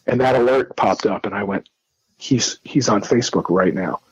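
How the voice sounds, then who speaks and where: A middle-aged New Jersey man, appearing as a guest, tells his story casually in a lowish, husky voice at normal speed. He's animated, acting out quoted dialogue with lots of restarts. The recording is dry and muffled.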